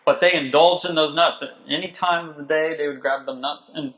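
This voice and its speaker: A man co-hosting a health talk, adding examples in a halting way with pauses. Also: fairly high pitch, steady tone, fairly bright tone, rough recording.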